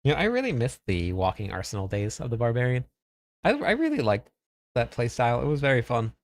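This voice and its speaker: A man's voice: mid-range voice, wildly swooping pitch, a little fast, no echo. A man streaming a game, chatting casually, thinking aloud and talking to his chat. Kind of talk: casual live-stream commentary.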